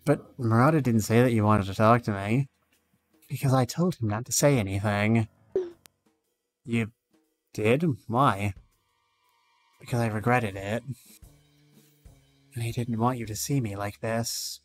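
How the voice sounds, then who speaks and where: A man's voice: mid-range voice, a little slow, pauses often, soft background music. Man reading game dialogue aloud. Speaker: streamer.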